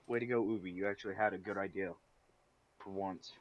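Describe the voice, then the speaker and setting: A man's voice: low-pitched, fairly even intonation, a little fast, a little hiss or hum. A man co-hosting a casual gaming podcast, ranting and swearing freely. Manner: profane, ranting. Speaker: podcast co-host. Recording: dull lo-fi sound.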